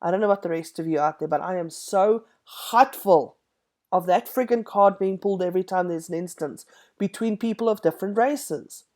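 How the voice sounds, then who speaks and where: A woman's voice: fairly low pitch, brisk, darkish tone. A woman giving an emphatic, indignant opinion vlog, sarcastic at times. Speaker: vlogger.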